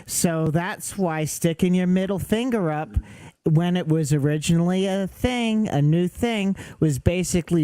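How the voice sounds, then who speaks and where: A man with a fairly high voice, recorded dry and close to the mic, playfully shares bits of trivia with his friends. His talk is loose and chatty. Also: unhurried, dark tone, smooth, no echo. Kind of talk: casual chat.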